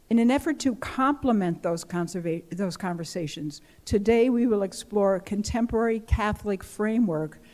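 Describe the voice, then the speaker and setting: A woman's voice: medium pitch, mellow. A woman hosting a church lecture, earnestly introducing the program and its ground rules. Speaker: program host. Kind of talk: event introduction. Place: large church. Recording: echoey church hall.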